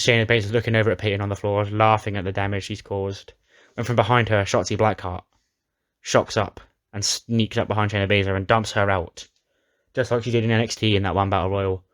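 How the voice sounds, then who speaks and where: A man casually recapping a wrestling simulation game, chatty and often restarting his sentences. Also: fairly low pitch. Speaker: game commentator.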